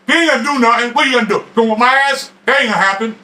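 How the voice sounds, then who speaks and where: A middle-aged boxing expert talks straight to the camera in a fierce, shouting rant. His voice sits very high and cuts with a sharp, tense edge. He stammers over his own restarts and throws in streetwise slang. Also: rapid-fire, hardly any pauses, low-quality recording. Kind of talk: ranting boxing talk to camera.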